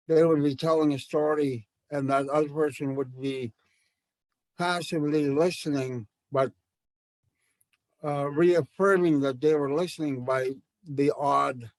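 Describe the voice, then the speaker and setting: A Canadian man teaches a language class for educators, speaking thoughtfully and often using fillers and starting sentences over. His voice is fairly high with a darkish tone, and the recording is dry.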